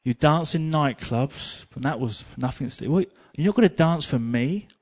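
A man voicing God as a gentle, loving father who speaks softly and pleads with him. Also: a little high, animated, moderate pace, no echo. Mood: tender.

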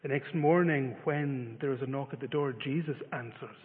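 A man's voice: medium pitch, normal speed. A man preaching a sermon, telling a story with many filler uhs. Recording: phone-like reverberant sound.

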